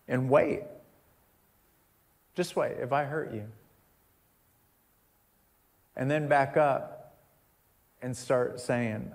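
A man delivers a sermon to a congregation in a church. He preaches like he is telling a story, talking plainly, then repeating key phrases for emphasis. His pitch sits in the middle range. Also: steady tone, measured pace, a little mellow. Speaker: pastor.

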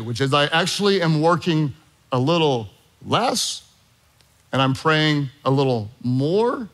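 A man's voice: fairly high pitch, fairly bright tone. A middle-aged man preaching a sermon, telling a story with jokey asides to his congregation. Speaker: pastor.

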